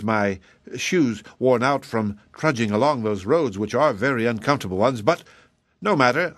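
A man narrates a soldier's tale with theatrical flair, his voice sitting at an ordinary middle pitch. He leans into the story and breaks into loud shouted cries now and then. The recording is dry and close, with no room sound. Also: no room sound. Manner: lively storyteller voicing an old soldier, bursts into loud cries. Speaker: audiobook narrator. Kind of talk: dramatic reading of a soldier's tale.

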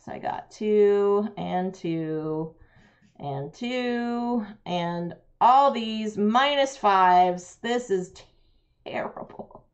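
A woman's voice: mid-range voice, very slow, dull audio. A woman, chatting with viewers while playing a roll-and-write game on a live stream, laughing often.

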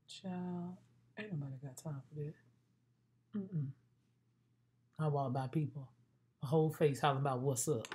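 A woman's voice: sits low, moderate pace, warm tone, a little hiss or hum. A woman vlogging her makeup routine in a playful, chatty way, talking straight to her viewers. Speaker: beauty vlogger. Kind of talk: casual makeup tutorial chat.

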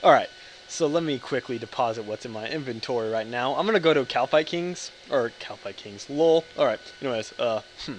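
An American man in his twenties speaks briskly at medium pitch over his gameplay commentary as a gaming video creator, with a bit of hiss or hum in the audio. Hyper and joking, he rambles, swears a lot, and keeps interrupting himself.

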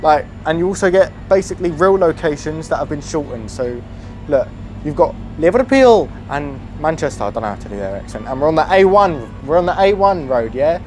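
A young man with a British accent chatting casually over his driving game, excitable and prone to yelps and swearing. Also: a little high, fairly quick, faint music behind. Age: young adult. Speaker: gaming YouTuber. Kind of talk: casual gameplay commentary.

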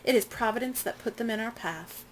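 A woman's voice: on the high side, fairly quick, slight background noise, close to an everyday voice, low-quality recording. Stern colonial lady of the house, read aloud by a woman; cold, clipped orders. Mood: commanding. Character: stern wealthy colonial mistress, demanding.

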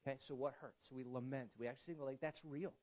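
A man preaching a conversational sermon as a pastor in a church, often restarting phrases and swinging from quiet to emphatic. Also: medium pitch, fairly even intonation, racing, rough recording.

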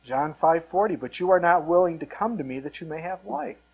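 A male pastor delivers a Bible-teaching sermon in a husky, slightly higher voice. He builds his points with rhetorical questions and frequent scripture quotes. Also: animated, a little fast.

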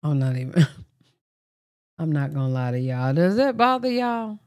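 A woman's voice: low-pitched, big pitch swings, unhurried, darkish tone. A woman co-hosting casual chat, joking and giggling. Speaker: co-host.

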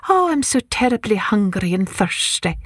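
A woman voicing a hungry little old man in a fairy tale, pleading in a high, whining voice. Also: sing-song, moderate pace, fairly bright tone, no echo, clean studio sound. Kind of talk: children's storytelling.

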